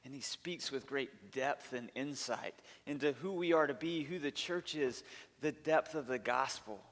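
A man's voice: mid-range voice, fairly bright tone. A male pastor preaching a sermon, earnest and emphatic, stacking up long lists of points. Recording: long reverb of a large hall.

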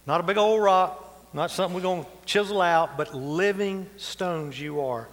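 A pastor delivers a sermon in a folksy, conversational way, slipping in asides. His voice sits a bit high for a man. The sound carries the long reverb of a church hall. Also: moderate pace, hardly any pauses, fairly bright tone. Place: church sanctuary.

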